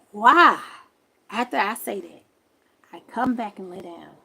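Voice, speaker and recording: A woman hosting a livestream, telling a story to her viewers in a loud, profane, exasperated rant from her camper. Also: mid-range voice, expressive, normal speed, husky, low-quality recording. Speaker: livestream host.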